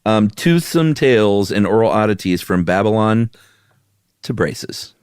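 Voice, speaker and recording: A man co-hosting a podcast in casual chat, relaxed, rambling and self-deprecating. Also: lowish voice, measured pace, smooth, dry recording, clean studio sound. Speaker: podcast co-host.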